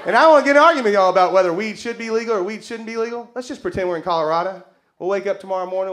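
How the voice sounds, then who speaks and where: A man's voice: sits high, a bit bright, a little hiss or hum. A Texan man doing a stand-up set in a comedy club, drawling and laughing through his own jokes. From Texas. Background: audience laughter.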